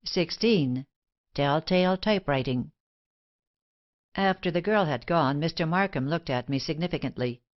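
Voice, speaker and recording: A woman narrating a detective novel as an audiobook in a measured, even reading. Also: low voice. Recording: dull lo-fi audiobook recording.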